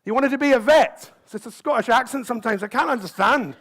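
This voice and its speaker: Male motivational speaker, high-pitched, peppers the crowd with quick questions, live conference talk. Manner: lively, keeps asking the crowd questions. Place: conference stage.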